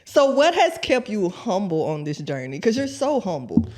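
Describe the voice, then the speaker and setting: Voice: medium pitch, wildly swooping pitch, moderate pace, a little mellow. A podcast host chatting casually with a guest, laughing along often and asking questions. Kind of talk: casual interview chat.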